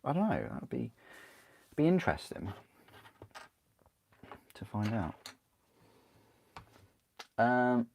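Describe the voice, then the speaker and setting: A man's voice: mid-range voice, big pitch swings, slow pace, vocal fry, long pauses, a little mellow, a little hiss or hum. A man chatting casually on a livestream while building a model kit, rambling, answering chat and laughing often.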